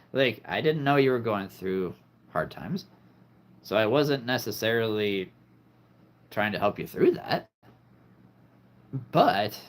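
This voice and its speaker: A man hosting a live stream, talking to his viewers in an earnest, heartfelt, reflective way. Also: lowish voice. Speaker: livestream host.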